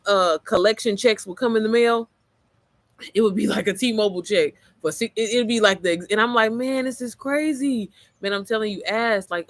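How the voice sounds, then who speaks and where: A woman with a worn, slightly hoarse voice, chatting casually and motivationally on a livestream, rambling, getting sidetracked and swearing freely. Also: medium pitch, a bit bright, dry recording. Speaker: mom entrepreneur livestreamer.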